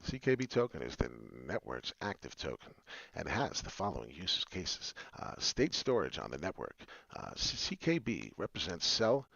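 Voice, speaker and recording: A man's voice: deep voice, wildly swooping pitch, moderate pace, gravelly, slightly rough, dry recording, dull audio. Hyped, rambling male crypto host. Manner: hyped and loud, swings between shouting and muttering; rambling, many "uh" fillers. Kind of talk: excited solo crypto talk.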